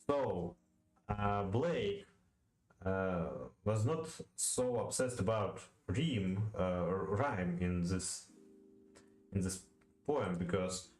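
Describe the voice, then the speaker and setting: A man's voice: deep voice, lively intonation, drawn-out words, darkish tone. A man who speaks Russian as his first language, working through a poetry lesson aloud. He hesitates a lot, with many fillers, restarts and repeated words. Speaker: language learner. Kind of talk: thinking-aloud study session. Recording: roomy echo, faint music behind.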